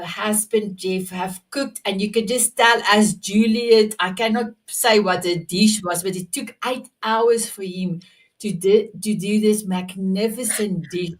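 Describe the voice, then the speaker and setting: A woman hosts an online author show, heaping praise on her guest in an effusive way, with frequent halting restarts and repeated words. Her voice sits in a middle pitch and comes over a video call from a little way back from the mic. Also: distant mic. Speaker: host.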